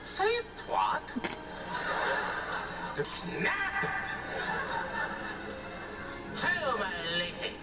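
An actor playing a boastful, bawdy medieval English lord in a comedy sketch, using a put-on British accent. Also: male voice, sits high, wildly swooping pitch, drawn-out words, creaky, distant mic, over music, full character voice, low-quality recording.

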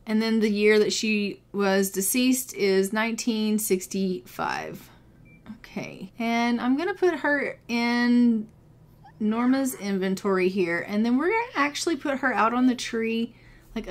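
A woman's voice: fairly high pitch, very animated, measured pace. A woman giving casual gameplay commentary, chatting viewers through each step of what she is doing. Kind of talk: casual let's-play commentary.

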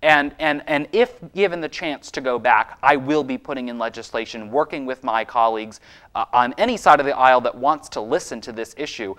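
A man's voice: medium pitch, brisk, a bit bright. A young man from Maine hosting his own program, delivering impassioned political commentary with insistent, repeated emphasis. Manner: fired-up, insistent, repetitive emphasis. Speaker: host and state legislator.

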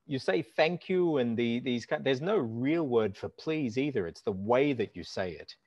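Middle-aged male language teacher, animated and instructive, dry and close, heard over a dull lo-fi call. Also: medium pitch, normal speed, dry recording. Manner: animated and instructive, demonstrates words aloud. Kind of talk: explanatory conversation.

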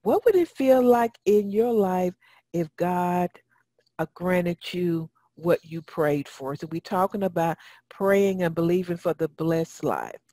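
Lady host doing a prayer teaching, kinda low voice, repeats lines for emphasis, talks right to the listener. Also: slow pace, dark tone, no echo. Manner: preachy, repeats phrases for emphasis; addresses listeners directly. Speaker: radio talk show host. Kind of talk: spoken teaching.

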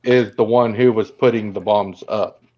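A man's voice: on the low side, fairly even intonation. Podcast co-host, male, casual retelling of film scenes, dull recording. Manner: retells scenes acting out lines in quick voices. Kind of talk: casual movie recap chat. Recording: dull lo-fi sound.

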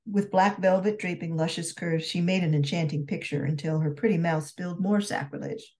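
A woman author narrating her romance novel in a steady, measured reading voice. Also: fairly low pitch.

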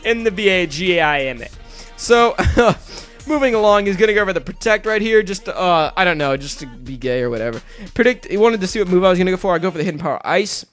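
A young man casually narrating his game battle over a home mic, excitable and swearing freely. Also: high voice, fast talker. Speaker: gaming video narrator. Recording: faint music underneath.

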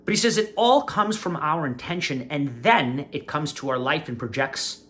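A man hosting his own channel, casually commenting on an interview and speaking directly to his viewers in a preachy, animated way. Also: a little high, normal speed, a little hiss or hum. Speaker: vlogger, channel host.

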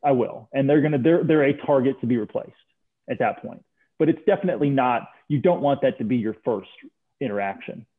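Man, earnest, stumbles and restarts, phone-like audio, mid pitch. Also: fairly quick, slightly rough. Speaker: book club participant. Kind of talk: casual group call discussion. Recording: tinny phone-like line.

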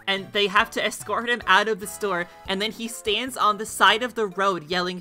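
Bright-voiced giggly woman streamer. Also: mid-range voice, lively intonation, normal speed, faint music behind. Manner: giggly, playful and chatty. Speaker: game streamer. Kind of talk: casual gaming stream chat.

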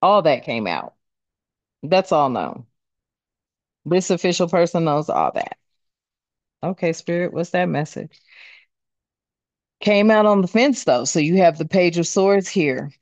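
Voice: medium pitch, very animated, measured pace, long pauses, no echo. A tarot reader giving a casual card reading, talking bluntly with plenty of swearing and rambling fillers.

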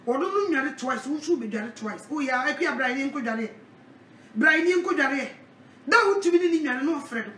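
A woman preaching a sermon, animated, with a repeated call-out refrain. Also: sits high, fairly quick, hardly any pauses, recorded from a distance. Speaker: evangelist. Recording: echoey, from off the mic.

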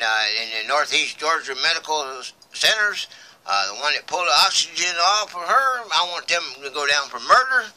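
Bright-voiced man, rambling. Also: on the high side, low-quality recording. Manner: rambling, drawling, grows impassioned and accusing; mutters quietly while reading paperwork. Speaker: video blogger. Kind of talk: rambling monologue to camera.

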